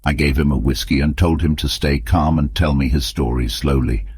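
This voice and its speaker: A man narrating an audiobook with a very deep, husky voice and a steady, measured delivery. The sound is dry and close, with no room around it. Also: no room sound. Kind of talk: scripted narration.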